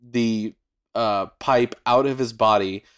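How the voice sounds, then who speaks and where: A man in casual podcast chat, retelling a show's plot with lively acted-out character lines and casual swearing. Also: fairly low pitch, takes it slowly, clean tone. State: has the hiccups. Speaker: podcast co-host recapping anime episodes.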